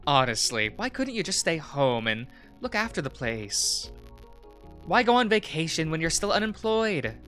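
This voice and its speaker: A man's voice: fairly high pitch, sing-song, normal speed, fairly bright tone, soft background music, pitched above the performer's own voice. A man voicing a nagging middle-aged mother who scolds her grown son in a visual novel. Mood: scolding. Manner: scolding, exasperated.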